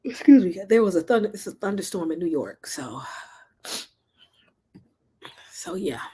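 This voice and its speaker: A woman's voice: lowish voice, very animated, brisk, mellow, slightly rough. A woman from Memphis with a Southern accent, chatting and rambling casually on a livestream while reading comments. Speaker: livestream host.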